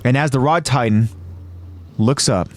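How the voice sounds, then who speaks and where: A man hosting a podcast, narrating an episode recap in a casual tone and jumping into quoted lines with a raised, shouting voice. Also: mid-range voice, unhurried.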